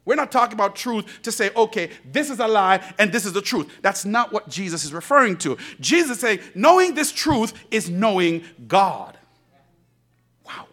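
A man preaching a sermon as pastor, swinging between soft, low asides and loud, emphatic lines, with laughing asides. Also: moderate pace. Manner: animated preaching, rising to shouts, laughing asides.

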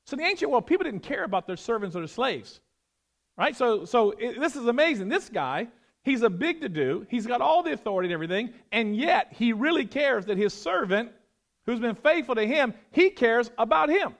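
A male pastor preaching a sermon, animated, swinging between loud emphasis and hushed, prayerful tones. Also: extremely high pitch, fairly quick.

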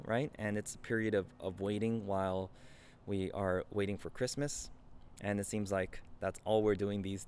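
A man in his thirties preaching a conversational sermon, earnest and warm in manner, often adding "right?" as he speaks. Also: mid-range voice. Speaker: pastor.

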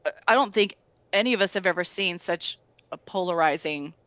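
A woman talking casually, telling stories in a candid, animated way with lots of fillers. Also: fairly low pitch, a little fast, dry recording. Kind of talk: casual conversation.

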